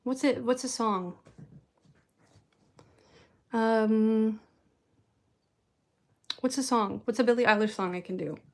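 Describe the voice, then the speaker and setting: A woman's voice: on the high side, slow pace, long pauses, darkish tone. A woman streaming live, chatting casually and rambling in a self-deprecating way to her viewers. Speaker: streamer answering chat.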